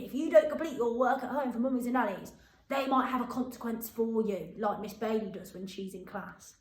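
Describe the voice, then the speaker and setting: Woman teacher, fairly high voice, echoey room, slow drawn-out dictation. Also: a little mellow. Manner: slow, sing-song, drawn-out words for dictation. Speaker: primary school teacher. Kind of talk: phonics and writing lesson for young children.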